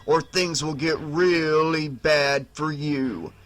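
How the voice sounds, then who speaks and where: A man's voice: a little high, a little slow, a bit bright. A man reading an audiobook, voicing a mocking, grinning undead older brother with a sarcastic, taunting manner.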